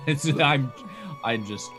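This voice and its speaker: A man's voice: mid-range voice, very slow, fairly bright tone, soft background music. A man playing a tabletop game, chatting casually and joking with the table. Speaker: player.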